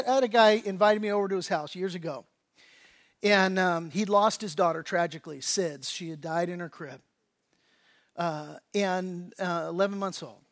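A male pastor giving a sermon in a relaxed, conversational style, full of slang and acted-out quotes. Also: very high-pitched. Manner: casual, conversational preaching with slang and quoted voices.

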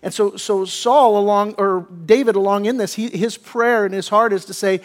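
High-voiced guy preaching, lots of stops and restarts, gets loud then drops real soft. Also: moderate pace, hardly any pauses. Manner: emphatic preaching with many restarts, voicing biblical figures in quotes; drops to a hushed, soft voice in tender moments. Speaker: pastor. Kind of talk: sermon.

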